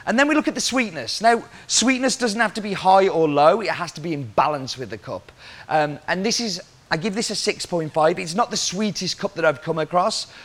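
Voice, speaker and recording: Lively coffee-roaster man explaining. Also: a little high. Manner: explanatory, poses rhetorical questions to viewers.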